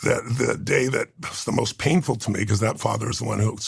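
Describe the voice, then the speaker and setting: A man with a gravelly, husky voice tells a heartfelt personal story. He speaks earnestly and haltingly, restarting sentences and slipping into quoted voices. The sound is dry and close. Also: on the low side, no room sound.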